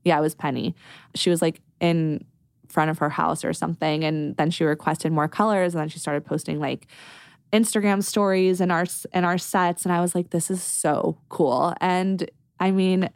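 A woman, a brand founder, telling stories in a casual podcast interview, animated and full of "like". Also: lowish voice, vocal fry, smooth, no room sound. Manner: animated, quick, lots of "like".

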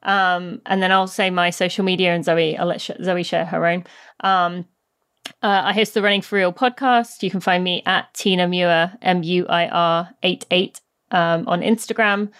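A British woman, a guest and book author, talking in a warm, easy way with plenty of ums. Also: fairly low pitch, steady tone, moderate pace, clean tone. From Britain. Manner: warm, laughs easily, many ums. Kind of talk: casual podcast interview.

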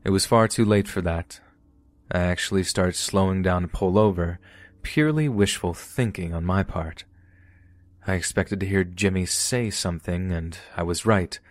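A man narrating a true horror story for a podcast in a steady, storytelling manner. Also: low-pitched, moderate pace, no echo.

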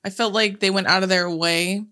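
Bright-voiced young woman, blunt storyteller. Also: mid-range voice, fairly even intonation, normal speed. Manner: blunt storytelling with frequent swearing. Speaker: podcast co-host. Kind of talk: casual chat.

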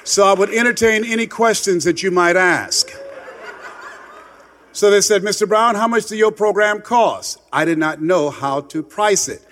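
A man telling a motivational story with passion, swinging between loud emphatic lines and hushed ones. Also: high voice, moderate pace, in a large hall. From United States. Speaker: motivational speaker.

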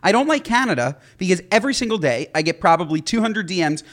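A young man from the United States co-hosts a podcast in casual, unscripted chat. His voice is lively and swings widely in pitch. He talks animatedly and swears freely. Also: fast talker. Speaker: podcast co-host.

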